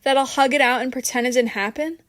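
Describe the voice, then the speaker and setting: A woman voicing a calm, cold, composed young woman who speaks firmly and gives no ground. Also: high-pitched, fast talker, pitched above the performer's own voice.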